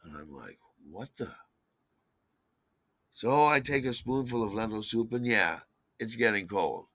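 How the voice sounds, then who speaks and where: A man's voice: on the low side, expressive, moderate pace, bright, forceful tone, dry recording. An older man telling a personal story in a wry, conversational way. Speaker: podcast host.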